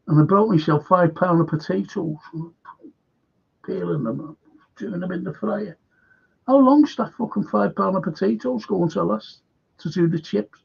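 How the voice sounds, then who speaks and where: A man hosting a fan football show delivers an angry talk-show rant, heated, repetitive, and constantly swearing. His voice is high-pitched, creaky, and husky, captured in dull lo-fi sound.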